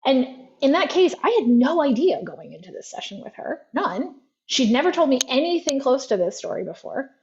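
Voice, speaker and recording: A woman with a somewhat high voice talks through an example in a loose, chatty way, sprinkling in "like" often. The audio is dull and lo-fi, as over an online call. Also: sing-song, normal speed, vocal fry, a little mellow. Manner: chatty, frequent "like" fillers. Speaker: guest therapy practitioner. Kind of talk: conversational storytelling.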